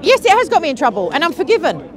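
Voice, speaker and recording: A cheeky, quick-witted woman argues at a street debate. Her voice sits high and swings widely in pitch. A crowd murmurs faintly behind her outdoors. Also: huge pitch swings. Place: outdoors on a busy city street.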